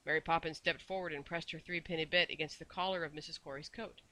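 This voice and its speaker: A man narrating a children's storybook. His voice is very bright and sits a little high, and his storytelling is measured and expressive. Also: low-quality recording. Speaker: audiobook narrator. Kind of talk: storybook reading.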